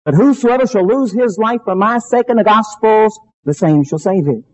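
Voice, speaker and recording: A man preaching a sermon, fervent and emphatic, with dramatic pauses and shifts between loud and quiet. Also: high-pitched. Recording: dull lo-fi recording.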